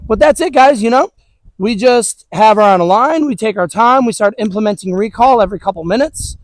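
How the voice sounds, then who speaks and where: A man with a notably high voice, chatting his way through an outdoor dog training lesson. His delivery is relaxed and loose, peppered with "all right" and "you know". The recording is dry and close. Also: fairly quick, no echo, low-quality recording. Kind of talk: casual instructional talk. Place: outdoors with dogs.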